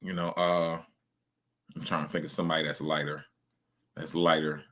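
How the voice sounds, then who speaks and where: A man's voice: extremely low pitch, flat delivery, normal speed, a bit bright. A man streaming casual reaction commentary, ranting emphatically and swearing a lot.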